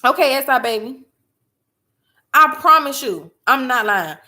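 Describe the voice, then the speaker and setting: A mother chatting casually as a host, telling a story in an emphatic, animated way. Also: high voice, measured pace. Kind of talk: casual chat.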